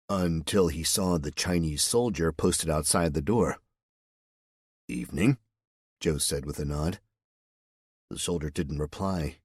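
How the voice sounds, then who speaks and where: Low-voiced male narrator, husky, steady storyteller. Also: dry recording, studio quality. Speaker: audiobook narrator. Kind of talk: scripted audiobook narration.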